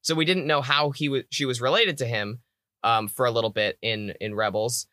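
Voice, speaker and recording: Podcast co-host, male, American, bright tone, dry close sound, knowledgeable explainer. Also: mid-range voice, steady tone, a little fast, no room sound. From United States. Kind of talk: casual chat.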